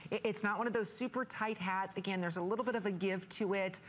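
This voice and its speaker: A woman hosting a live shopping channel, pitching products in an upbeat, salesy way. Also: steady tone, fast talker. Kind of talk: live TV selling.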